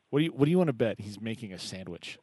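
A man hosts a live poetry open mic in a chatty, halting way, stopping and restarting his sentences. His voice sits at an ordinary pitch and is recorded close and dry. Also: mellow, husky, no room sound. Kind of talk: casual live show hosting.

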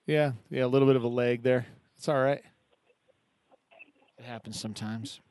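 A man's voice: medium pitch, steady tone, a little mellow, smooth, no room sound. A man hosting a live poetry open mic show, talking casually with many restarts. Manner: chatty, halting, with many restarts.

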